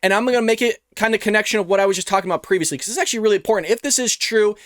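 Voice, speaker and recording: A man's voice: high-pitched, racing, dry recording. A man hosting a reaction show, giving opinionated commentary and calling his viewers folks, close to his microphone. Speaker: show host. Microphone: close studio microphone.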